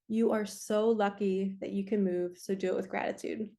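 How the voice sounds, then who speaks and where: A woman's voice: mid-range voice, steady tone, moderate pace, vocal fry, warm tone. Earnest woman giving a spiritual reading. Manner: earnest, emotional, spiritual-coaching talk. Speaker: spiritual card reader. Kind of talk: casual tarot-style energy reading.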